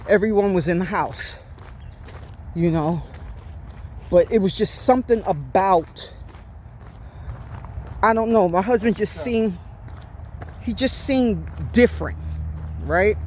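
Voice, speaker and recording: A woman's voice: medium pitch, slow pace, pauses often, a little mellow, a little hiss or hum. A woman in her fifties telling a personal story while walking outdoors, slightly out of breath and confiding, often checking in with "right?". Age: 50s. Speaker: vlogger. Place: outdoors on a walk.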